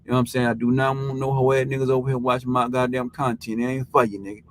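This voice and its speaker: A man's voice: mid-range voice, level tone, fast, a little hiss or hum, low-quality recording. Guy hosting a live recap show, regular mid voice, rambly and cussing a lot, fillers everywhere. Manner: loose, rambling and heavily profane, with constant filler tags. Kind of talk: casual live-stream rant.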